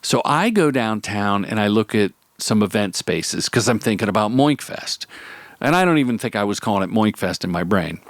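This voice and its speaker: A man's voice: fairly low pitch, expressive, moderate pace, no room sound. A man hosting a podcast, talking in a chatty, rambling, upbeat way and often breaking off mid-sentence. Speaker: podcast host. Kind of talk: casual solo podcast monologue.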